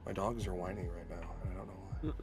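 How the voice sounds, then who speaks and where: A man with a lowish voice hosts a casual stream chat, quick with wisecracks and jokes. Faint music runs underneath. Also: steady tone. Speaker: stream host.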